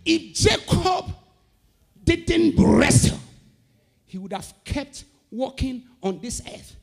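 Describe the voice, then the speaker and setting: High, gravelly fervent male preacher. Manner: fervent chanted declarations; repetitive rhythmic preaching. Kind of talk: sermon.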